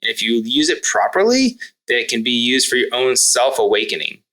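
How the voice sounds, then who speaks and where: Guest: thirties man, bright forceful tone, reflective parenting coach, casual podcast talk. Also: mid-range voice, big pitch swings, a little fast, rough recording. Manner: earnest and reflective, with self-corrections. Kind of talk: conversational podcast interview.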